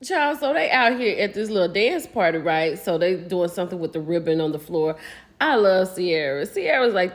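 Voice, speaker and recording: A woman's voice: on the low side, moderate pace. A woman, chatting casually as she recaps a reality show, gossiping and acting out what people said. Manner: animated, gossipy, acts out quotes.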